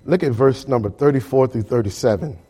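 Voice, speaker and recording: A man preaching a sermon as pastor, talking straight to his congregation in an animated way. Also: medium pitch, fairly quick, breathy edge, rough recording.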